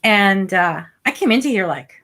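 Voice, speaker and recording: A woman's voice: mid-range voice, animated, normal speed, fairly bright tone. A woman co-hosting a casual spiritual chat over a video call. She talks bluntly and fills her sentences with "like". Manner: chatty, many "like" fillers, blunt opinions. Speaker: spiritual live-stream co-host.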